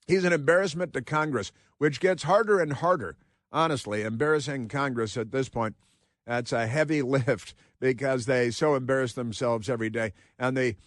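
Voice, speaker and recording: A man's voice: normal speed, no room sound, studio quality. A man hosting a political talk radio show, delivering a sarcastic, mocking monologue that rambles with many fillers. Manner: puts on high mocking voices for quotes. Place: radio studio. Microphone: close studio microphone.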